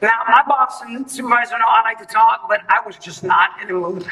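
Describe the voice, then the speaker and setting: A man's voice: very high-pitched, a little fast, pushed and bright, recorded from a distance, poor audio. A man giving an event speech, telling a story and acting out both sides of the dialogue. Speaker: event speaker. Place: event hall.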